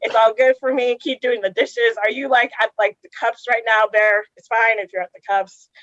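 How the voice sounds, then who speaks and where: A woman's voice: on the high side, steady tone, normal speed, fairly bright tone, no echo. A woman from Cameroon doing a rambling, sarcastic stand-up comedy set. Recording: dull lo-fi livestream audio.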